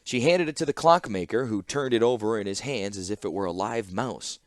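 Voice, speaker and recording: A man narrating a fantasy audiobook with expressive storytelling. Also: on the low side, a little fast, no echo, studio quality. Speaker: audiobook reader.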